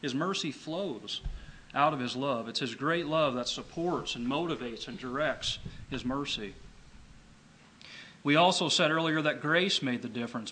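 Bright-voiced male preacher, emphatic. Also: mid-range voice, slight background noise, rough recording. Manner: emphatic, repeats key phrases, slows for scripture. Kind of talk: sermon.

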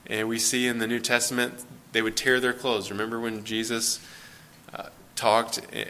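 A man's voice: lowish voice, pushed and bright, a little hiss or hum. A man preaching an earnest sermon, explaining scripture and acting out quoted voices with rising emphasis.

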